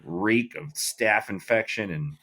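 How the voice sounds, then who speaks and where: A man's voice: fairly low pitch, takes it slowly, sharp tone. A middle-aged man co-hosting a podcast in loose, profane casual chat, full of fillers. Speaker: podcast co-host.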